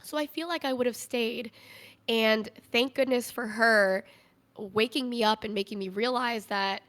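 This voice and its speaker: A woman's voice: a little high, steady tone, measured pace, fairly bright tone. A young woman, a podcast guest, telling a candid personal story in a conversational way, full of "like" fillers.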